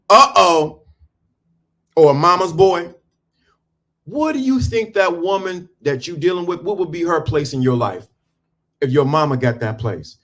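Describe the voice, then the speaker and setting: A middle-aged man giving a preachy, emphatic talk to viewers on a livestream, breaking off and restarting while he dresses. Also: high voice. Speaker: livestream host. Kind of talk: casual motivational livestream talk. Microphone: phone or camera on a stand.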